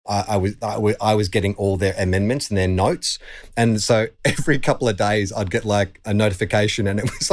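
An Australian man hosting a podcast in casual chat, often laughing and acting out quoted remarks. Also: on the low side. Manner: chatty, laughing, acts out quotes in a raised voice. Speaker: podcast host.

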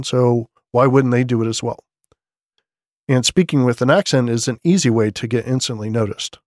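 A man's voice: medium pitch, a little mellow, dry recording. A man hosting a podcast, running through tech news items in a loose, conversational way with asides, recorded on a studio condenser microphone. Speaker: podcast host. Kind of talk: casual newsletter-style tech commentary.

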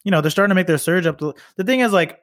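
Young male podcast co-host, quick casual talker, dry close sound. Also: high voice, no room sound. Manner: fast, loose, swears casually. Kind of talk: casual sports chat.

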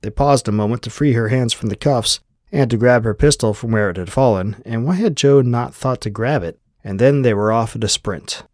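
A man narrating an audiobook in an even, measured reading style. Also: medium pitch, dry recording, clean studio sound. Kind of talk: scripted narration.

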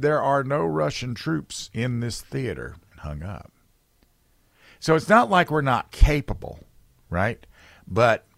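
A man hosting a political talk radio show, talking emphatically with loud bursts, low asides and many restarts. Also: no room sound, studio quality.

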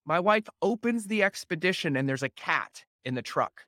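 Bright-voiced man telling a story. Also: sits high, moderate pace, no room sound. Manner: animated, acts out family dialogue with laughs. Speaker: podcast host. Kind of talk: casual storytelling chat.

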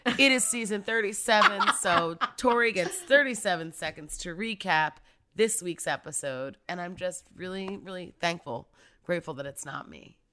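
A woman with a lowish, bright and forceful voice co-hosts a casual podcast chat. She talks in an animated, emphatic way, calling out to her listeners directly. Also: moderate pace, slight background noise. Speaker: podcast co-host.

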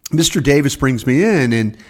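Co-host, man in his 60s, animated and rambling, voices other people in his stories. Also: a little high, normal speed. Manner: rambling, animated, acts out quotes. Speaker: co-host and former scout. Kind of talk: casual storytelling chat. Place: home office.

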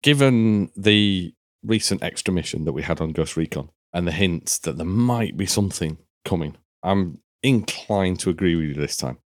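A man's voice: low voice, expressive, moderate pace, hardly any pauses, no room sound. A man co-hosting a casual podcast over a voice call, wry and teasing, laughing at his own jokes. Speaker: podcast co-host. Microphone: online voice call.

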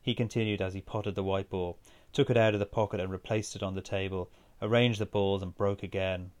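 Guy reading his story out, steady pace, lowish voice. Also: fairly quick. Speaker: narrator. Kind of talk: reading a first-person story aloud.

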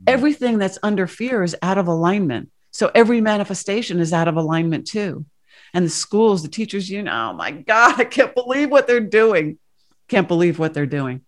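A woman's voice: on the low side, lively intonation, brisk. A woman speaking earnestly in casual spiritual talk with rambling asides. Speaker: guest speaker.

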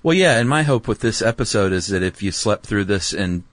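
A man's voice: lowish voice, expressive, fairly quick, no room sound. A man co-hosting a podcast, chatting casually and playfully, keen on the details of the topic. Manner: enthusiastic about details, playful asides. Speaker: podcast co-host. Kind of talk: casual explanatory chat.

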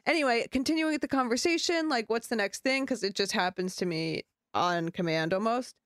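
A young woman with a smooth, clear voice co-hosts a podcast. She talks in an animated, rambling way and laughs often, recorded dry and close. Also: a little high, brisk, no room sound. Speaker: podcast co-host. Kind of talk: casual chat.

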